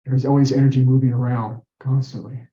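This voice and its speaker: A man tells his own story with earnest, animated delivery, voicing the people he quotes as he goes. His voice is mellow and dark. It sits in a roomy space and comes through a muffled, lo-fi recording. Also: medium pitch, a little fast. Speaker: guest telling his story. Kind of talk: personal storytelling. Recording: roomy dull-sounding recording.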